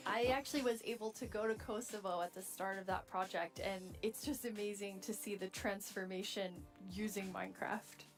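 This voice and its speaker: A woman's voice: medium pitch, steady tone, moderate pace, hardly any pauses, soft background music. A woman hosting a live event, presenting in an upbeat, enthusiastic way. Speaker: event host.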